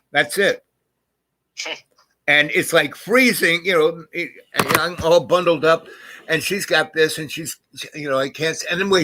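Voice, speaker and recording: An older man spins a rambling personal story in relaxed conversation, his bright, forceful voice pushing through constant restarts and trailing phrases. He wanders off mid-thought and circles back without hurry. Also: medium pitch, poor audio. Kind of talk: casual rambling anecdote.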